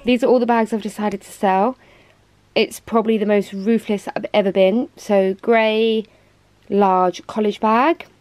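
A woman's voice: mid-range voice, fairly even intonation, a little slow, darkish tone, faint music behind. A woman chatting casually in a home vlog, rambling and self-mocking as she talks. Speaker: vlogger. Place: home walk-in closet.

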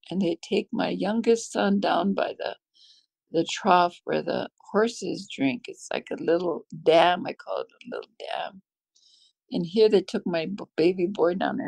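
A woman's voice: mid-range voice, gravelly, a little mellow, slightly rough, no echo. A middle-aged American woman telling a heartfelt personal faith story, emotional and tearful at times. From United States. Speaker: guest sharing a faith testimony.

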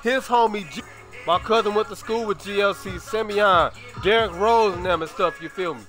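A man's voice: sits high, normal speed, bright, forceful tone, faint music behind. A young man from Chicago with a Chicago accent, chatting casually on his stream in slangy, profane talk full of drawled repeats.

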